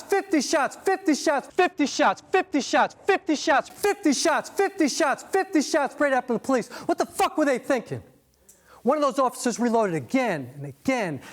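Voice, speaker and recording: A man delivers rhythmic spoken-word poetry in an intense, driving style, returning again and again to repeated refrains. His voice sits very high, the lines come quickly, and soft music plays underneath. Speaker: spoken-word performer and narrator.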